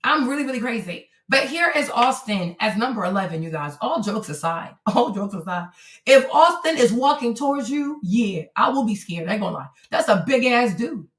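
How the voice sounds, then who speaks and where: Animated woman streamer in an echoey room. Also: on the high side, moderate pace. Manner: animated, swears freely, exclaims in surprise. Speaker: livestream host. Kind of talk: casual livestream commentary. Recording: roomy echo.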